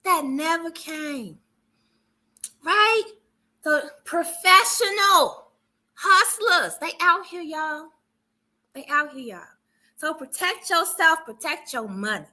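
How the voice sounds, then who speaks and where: A woman speaking as a dating coach in casual advice talk, animated and preachy, punctuating points with "okay?". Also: very high voice, takes it slowly.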